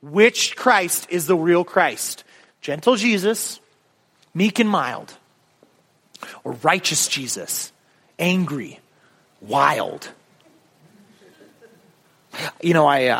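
A man preaching a sermon as a guest speaker, casual and animated, acting out quotes from the people in his story. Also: a little high, big-room sound.

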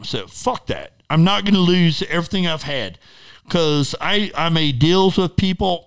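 A man's voice: mid-range voice, a bit bright, clean tone. A middle-aged man, an interview guest, telling a personal story casually in a blunt, profane, rambling way.

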